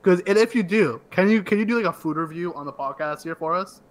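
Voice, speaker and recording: A man co-hosting a podcast, jokey and quick to chime in. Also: high voice. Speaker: podcast co-host. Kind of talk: casual podcast chat.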